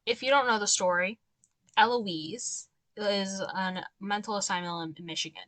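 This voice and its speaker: A young woman talks through a game in a casual, chatty way, breaking into exasperated rants now and then. Her voice sits at an ordinary middle pitch. The sound is dry and close, with no room echo. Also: a little slow, a bit bright. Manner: chatty, exasperated ranting asides. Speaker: gameplay commentator. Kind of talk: casual let's-play commentary.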